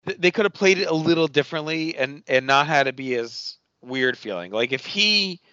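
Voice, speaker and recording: Bright-voiced casual podcast man. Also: fairly high pitch, normal speed, dry recording, highs cut off. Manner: animated, swears casually, acts out characters' lines. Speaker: podcast host. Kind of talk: casual chat, recapping a TV episode.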